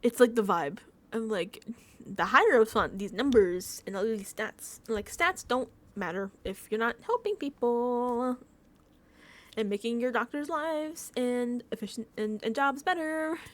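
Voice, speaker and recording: A young woman hosts a casual review show, ranting animatedly about a TV episode with frequent laughter and swearing. Her voice is fairly high and animated, and she talks a little slowly.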